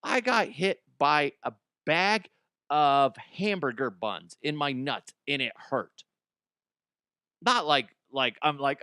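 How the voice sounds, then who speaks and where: A man who is a radio host, telling a casual comedic story, animated, swearing and laughing as he talks. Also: on the high side, slow, clean tone, dry recording, clean studio sound. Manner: animated, swearing, laughs often, slips into voices.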